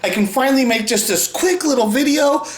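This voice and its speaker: A man rambling in a profane monologue for his own video. He often tacks "right?" onto his sentences and laughs between thoughts, swinging from loud outbursts to low mutters. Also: brisk, a little hiss or hum. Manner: rambling, profane, keeps adding "right?" and "and shit". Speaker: video maker. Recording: roomy echo.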